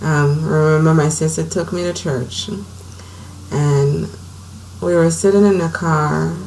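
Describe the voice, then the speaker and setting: A middle-aged woman vlogger from Saint Croix in the US Virgin Islands tells her personal story at home, candid, conversational and emotional as she retells it. Her low, slightly mellow voice moves slowly with fairly even intonation, on a low-quality recording with slight background noise.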